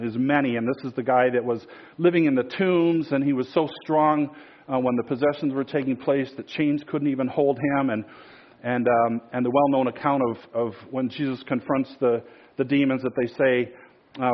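A man's voice: mid-range voice, fairly even intonation, a little fast, dull audio. A man preaching a sermon in a casual storytelling way, with many fillers and restarts.

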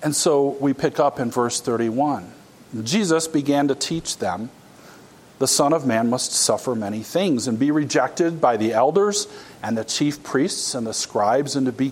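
A man's voice: medium pitch, darkish tone, husky. Conversational male preacher. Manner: conversational preaching, acts out quoted dialogue. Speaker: pastor. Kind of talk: sermon.

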